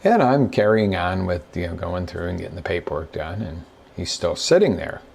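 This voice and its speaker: A man's voice: low-pitched, lively intonation, normal speed, vocal fry, a little mellow, breathy edge. A middle-aged man hosting a show as a business coach, telling stories in a casual motivational talk and acting out the quotes. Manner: conversational storyteller who acts out quotes.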